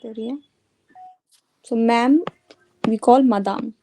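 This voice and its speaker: A woman's voice: on the high side, takes it slowly, warm tone, poor audio. A woman teaching a French grammar lesson to a student, patiently repeating each conjugation aloud.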